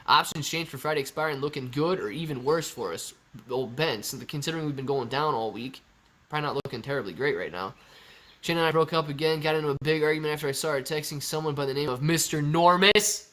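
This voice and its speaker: A young man hosting a live stock-market Q&A stream, chatty and energetic as he reads viewer messages aloud. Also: medium pitch. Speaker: livestream host.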